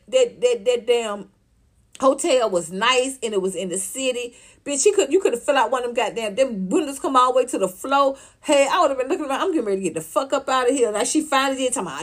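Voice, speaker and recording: A woman, ranting casually to her livestream viewers, profane and animated, often laughing. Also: high voice, fairly quick. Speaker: vlogger reacting to viewer comments.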